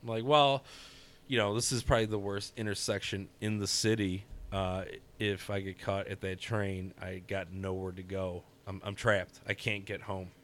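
A man telling a story in casual chat, profane and animated, often laughing. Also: sits low, moderate pace, slight background noise.

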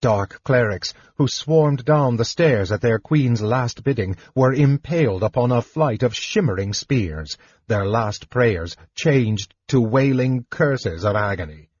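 A man reading a fantasy novel aloud as an audiobook narrator, in measured, even storytelling. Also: mid-range voice, slightly rough, dry recording. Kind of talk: scripted narration. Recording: dull, dry audiobook recording.

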